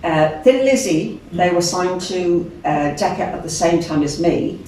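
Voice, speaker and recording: Heard through a distant mic in an echoey venue room, with a little hiss or hum, this older singer from Birmingham, England, tells stories as an interview guest. Her voice is on the low side and measured in pace. She's chatty and animated, laughs a lot and does other people's voices.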